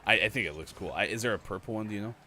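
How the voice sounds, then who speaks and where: A man's voice: fairly low pitch, rapid-fire, slightly rough. A man co-hosting a morning gaming show, chatting casually while playing and reading out comments with lots of laughter. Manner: animated, laughing, reads out chat comments.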